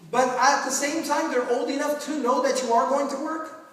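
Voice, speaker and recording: A man's voice: very high voice, fairly even intonation, moderate pace, a bit bright. Man preaching in an echoey hall. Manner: conversational, humorous, asks the audience questions. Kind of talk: mosque talk. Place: mosque hall. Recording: echoey hall from far off, faint noise.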